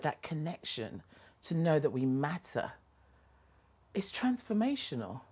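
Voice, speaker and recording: A woman giving a personal storytelling talk as a motivational speaker. Her voice sits fairly low but swings widely in pitch. She shifts between hushed reflection and bright, laughing animation. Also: husky.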